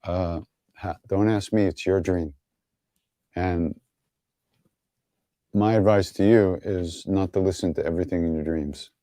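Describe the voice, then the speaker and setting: A man's voice: sits low, steady tone, measured pace, pauses often, warm tone, no room sound, studio quality. A man hosting an online gathering, answering viewer questions in an easygoing, wry way, telling stories with many fillers and chuckles. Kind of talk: casual online Q&A storytelling.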